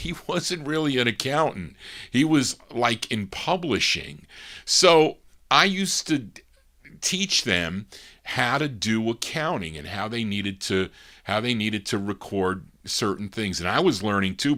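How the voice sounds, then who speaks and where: A man hosting a record show, telling a long personal story in casual chat and acting out the quoted lines of other people. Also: on the low side. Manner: animated, acts out quoted dialogue. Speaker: radio show host.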